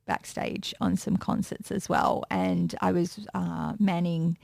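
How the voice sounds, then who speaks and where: A woman chats as an interview guest, spinning backstage stories and slipping into bright put-on voices for quotes. Her voice sits on the low side, and the sound is dry and close. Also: slow, vocal fry, no room sound. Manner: chatty storyteller, acts out quotes with lively voices. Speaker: music and pop culture presenter, guest. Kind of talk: casual interview chat.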